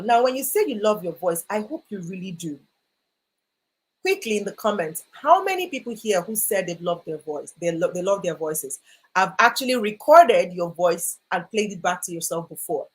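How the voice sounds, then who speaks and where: Husky woman giving an encouraging voice talk. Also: mid-range voice. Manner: encouraging, repetitive, reads comments aloud. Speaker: voice coach speaker. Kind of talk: live online workshop talk.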